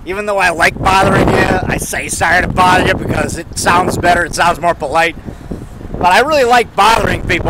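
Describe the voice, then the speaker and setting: A man's voice: sits high, fairly quick, very noisy. A man vlogging casually outdoors, rambling and joking and chuckling at his own jokes.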